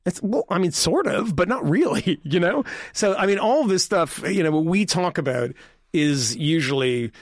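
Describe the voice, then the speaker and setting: A man's voice: high voice, animated, normal speed, no room sound, clean studio sound. A man on a podcast panel talking politics in casual chat, rambling and interrupting himself with repeated words.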